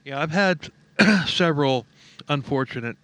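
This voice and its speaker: A man's voice: on the high side, expressive, a little slow, a bit bright, no room sound. Joking male true-crime podcast host. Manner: joking, sarcastic, laughs often.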